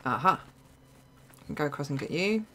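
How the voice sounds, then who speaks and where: A young woman with an Essex accent streams herself playing a game, keeping up a loose, chatty running commentary. She reacts quickly with sudden exclamations and laughs in between her remarks. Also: sits low, lively intonation, fairly bright tone, slight background noise. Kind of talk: live gameplay commentary.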